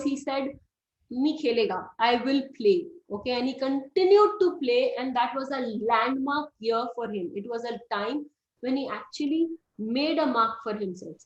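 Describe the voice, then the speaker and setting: A middle-aged woman teaches a class in a fairly high voice. She walks through each point step by step and keeps putting questions to her students. The sound is roomy and a little dull. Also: a bit bright. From India. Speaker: astrology teacher. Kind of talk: classroom lecture. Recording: roomy, slightly dull recording.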